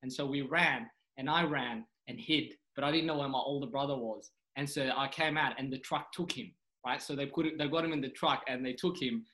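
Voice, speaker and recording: A young man from Sudan, a comedian guest on a podcast, telling a personal story in an earnest, animated way, often saying "you know" and "man". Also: mid-range voice, a little fast, few pauses, low-quality recording. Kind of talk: casual storytelling interview.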